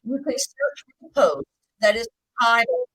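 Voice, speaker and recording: A woman giving a live video Bible teaching, speaking slowly and deliberately, with the occasional hiccup. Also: fairly high pitch, breathy edge, no echo, low-quality recording. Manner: slow, deliberate, lively intonation.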